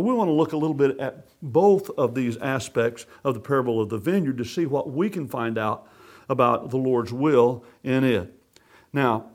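A man teaching a Bible lesson, reading scripture aloud in a measured, emphatic way and then explaining it. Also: medium pitch, a little mellow. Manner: measured, emphatic delivery with formal King James readings.

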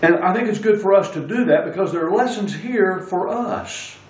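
A man's voice: sits high, lively intonation, normal speed. A man preaching a sermon, reading scripture aloud and stressing single words. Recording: echoey room, speaker far from mic.

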